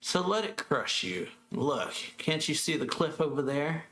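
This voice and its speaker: A man reading out the lines of a cold, vengeful teenage boy from a manga, in a flat, slightly raised voice. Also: a little slow, slight background noise. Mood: cold, pressing. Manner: reads quoted dialogue flatly, slightly higher than his narration. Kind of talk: reading manga dialogue aloud.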